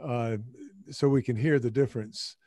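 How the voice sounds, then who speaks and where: Man, interviewer, halting speech, dry close sound, video call. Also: mid-range voice, fairly even intonation, warm tone, dry recording. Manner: halting, stumbles and restarts often.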